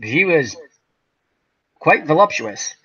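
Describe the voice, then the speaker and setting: A man in his forties hosting a relaxed online chat, his voice bright and cutting. He tells stories with lots of swing in his pitch and acts out the voices of the people in them. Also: takes it slowly, husky, lo-fi sound. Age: 40s. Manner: animated storyteller acting out voices. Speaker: host. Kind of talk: casual chat.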